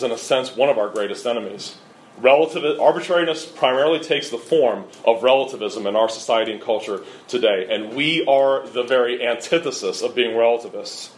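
A middle-aged man preaching a sermon with earnest, emphatic delivery and lively storytelling. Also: medium pitch, a little fast. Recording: roomy echo.

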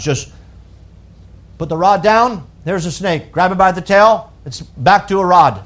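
A middle-aged pastor preaching in a loose, conversational way, often restarting his phrases. His voice sits notably high for a man. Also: measured pace, a bit bright. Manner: conversational preaching, paraphrasing scripture in plain speech, with verbal restarts. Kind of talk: sermon.

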